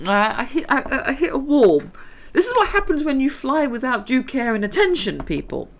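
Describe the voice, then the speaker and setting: A woman's voice: high-pitched, very animated, a little slow. A middle-aged woman, chatting and giggling her way through a let's-play game session. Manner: chatty, rambling, giggly asides. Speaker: gaming video host. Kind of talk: casual let's-play commentary.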